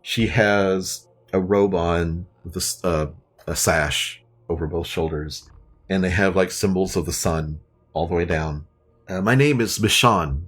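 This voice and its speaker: Low-voiced man narrating as dungeon master. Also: steady tone, a little slow, husky, faint music behind. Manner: loose, casual narration with fillers. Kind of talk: narrating a tabletop game.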